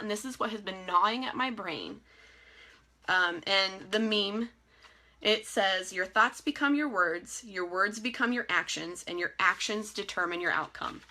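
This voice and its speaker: A young woman giving a casual, encouraging live motivational talk to her team over a webcam. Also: medium pitch. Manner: energetic, encouraging, chatty with frequent laughs. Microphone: phone or webcam in a live video.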